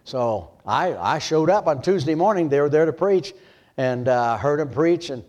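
Older male pastor from Michigan, slightly high voice, storytelling sermon that swings from hushed to loud. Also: animated, moderate pace, lo-fi sound.

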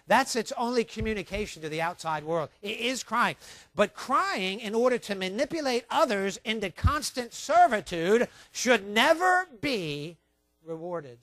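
A man preaching a sermon, emphatic and repetitive, telling his listeners to write points down, swinging between quiet asides and loud stressed words. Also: high voice, dry recording. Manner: emphatic, repeats key points, tells listeners to write things down. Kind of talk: sermon on child training.

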